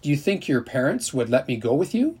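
A man voicing a curious, friendly young girl who asks earnest questions, in a husky storybook reading. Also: mid-range voice, sing-song, brisk, darkish tone.

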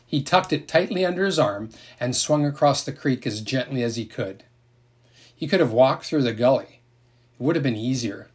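Husky-voiced man reading a story aloud. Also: mid-range voice. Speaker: narrator. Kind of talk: audiobook reading.

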